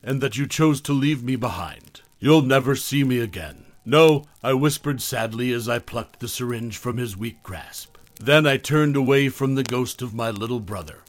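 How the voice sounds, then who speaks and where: Guy reading a creepy horror story, mid-pitch voice, super dry close mic. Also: dry recording. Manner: measured, dips soft and low in tense moments. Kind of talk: scripted horror narration. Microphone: close studio mic, dry.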